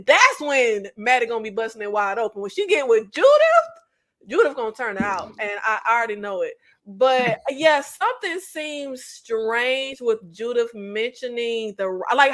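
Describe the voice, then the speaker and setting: A woman's voice: a little high, fairly bright tone. Playful, emphatic woman panelist. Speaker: panelist on a live TV breakdown stream. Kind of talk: casual slangy commentary.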